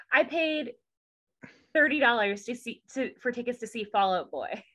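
Casual woman podcast co-host, sarcastic and joking, lively pitch. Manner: sarcastic, joking, quick asides. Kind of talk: casual recap chat.

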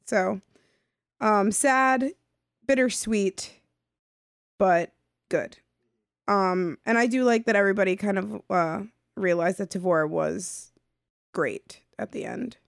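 A woman on a book podcast with a fry-laced, mid-pitched voice. She talks casually and with great emphasis. The sound is dry and close. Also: slow, pauses often, no room sound. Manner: emphatic, gushing. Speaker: podcast co-host.

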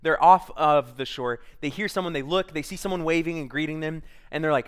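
A man's voice: fairly high pitch, fairly quick, few pauses, fairly bright tone, clean tone. A young adult man preaching a sermon, retelling a story dramatically and acting out the quoted voices.

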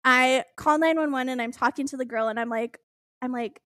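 A young woman with a fairly high voice tells a story in a close, dry recording. She is animated and expressive and swears freely as she laughs through it. The tone is casual podcast chat. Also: brisk, no room sound.

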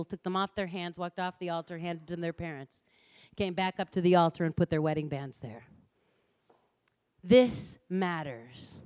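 Speaking in a lecture hall, this middle-aged public speaker has a clean, medium-pitched voice. Her passionate talk is punchy and direct, and she performs the voices of those she quotes.

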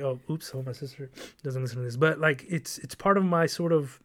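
Fast-talking profane man telling stories. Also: fairly high pitch. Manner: rambling, profane, animated storytelling. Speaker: podcast host. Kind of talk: casual storytelling chat.

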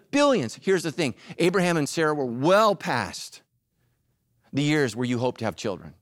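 A male pastor preaching a sermon in an animated, emphatic way, mixing jokes with serious points. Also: sits high, no room sound, clean studio sound.

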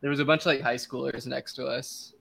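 A podcast guest chatting casually and matter-of-factly correcting the others. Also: male voice, mid-range voice, flat delivery, a little fast, vocal fry, a bit bright, husky, poor audio. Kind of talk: casual chat.

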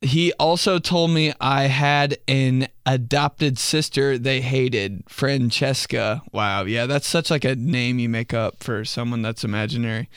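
A man's voice: mid-range voice, steady tone, measured pace, hardly any pauses, a bit bright, clear, resonant tone, no echo, clean studio sound. A young man casually hosting a solo podcast, joking loosely in slang and laughing between stories. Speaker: podcast host.

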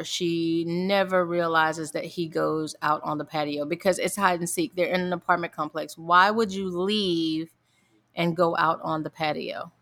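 Woman, middle-aged, mother, lower-pitched, animated storyteller, casual chat. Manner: animated storyteller, laughs often.

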